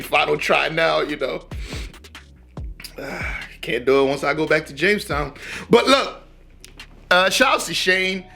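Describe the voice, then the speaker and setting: Young male reaction host from Rhode Island, rambling and slangy, higher voice. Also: pushed and bright. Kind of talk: casual reaction commentary.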